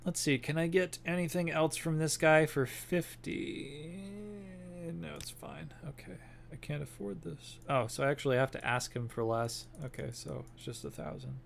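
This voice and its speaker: A man's voice: fairly high pitch, steady tone, moderate pace, vocal fry, a little hiss or hum. Joking young man streaming a game. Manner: rambling and joking, thinking aloud while playing. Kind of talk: casual gameplay commentary.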